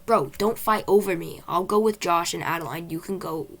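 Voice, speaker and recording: A woman's voice: on the low side, moderate pace. A woman voicing a bossy, impatient teenage boy who scoffs and brushes others off. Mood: scoffing. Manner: scoffing, dismissive.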